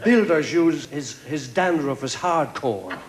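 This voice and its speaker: A man doing a stand-up comedy set of quick one-liners on a TV show. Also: on the high side, expressive. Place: TV studio with live audience. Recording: live TV show with crowd laughter and noise.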